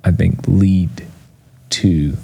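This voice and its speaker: A low, gravelly voice with a breathy edge speaks very slowly. The man is being interviewed as a motivational speaker, casually telling stories, full of fillers, and animatedly acting out what people said.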